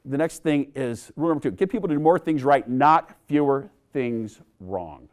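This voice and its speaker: A middle-aged man giving a lively keynote talk on sales coaching to an audience. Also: moderate pace. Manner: energetic, acts out dialogue with big pitch swings. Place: conference room with an audience.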